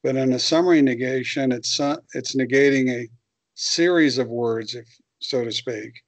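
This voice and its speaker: A student in a class, a man asking questions with hesitant pauses and fillers. His voice sounds dry and close. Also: medium pitch, no room sound.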